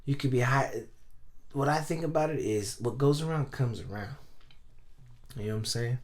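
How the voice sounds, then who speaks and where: A man's voice: medium pitch, normal speed. A young man on a podcast telling a long story in slangy, profane, rambling chat full of fillers. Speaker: podcast co-host.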